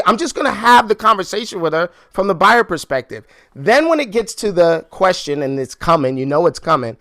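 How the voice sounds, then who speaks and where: A man coaching a room on real estate sales calls, energetic and animated, acting out phone conversations. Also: sits high, a little fast, hardly any pauses, no room sound, studio quality. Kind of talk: sales training talk with role-play.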